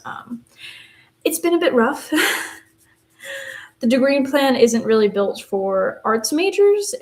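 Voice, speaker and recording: Her voice is on the high side and a little mellow as she colors live on stream. A university theater student in her twenties with a West Texan accent, she chats casually and rambles through asides.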